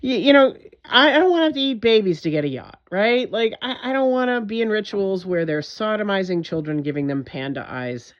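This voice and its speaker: A woman's voice: mid-range voice, expressive, brisk, highs cut off. A woman vlogger in a direct-to-camera monologue, talking in an intense, emphatic way, frustrated and swearing often.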